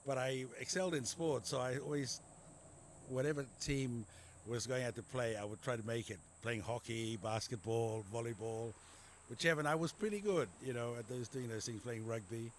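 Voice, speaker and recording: At normal speed and mid-range pitch, a middle-aged man with an Australian accent recounts his life as a general practitioner from Papua New Guinea in a conversational interview. He rambles, repeats words, and fills gaps often, and there's a little hiss or hum in the audio.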